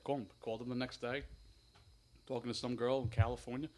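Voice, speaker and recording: A man's voice: medium pitch, level tone, fast talker, darkish tone. A man with a slightly nasal voice, co-hosting a casual podcast and telling a long rambling story between laughs. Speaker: podcast co-host. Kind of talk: casual banter.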